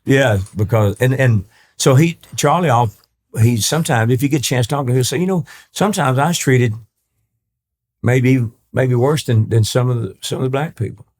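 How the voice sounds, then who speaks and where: A man's voice: medium pitch, moderate pace, a little mellow. A man from East Texas, a country singer and guest, telling long rambling anecdotes with many restarts and acting out the people he quotes. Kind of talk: storytelling interview talk.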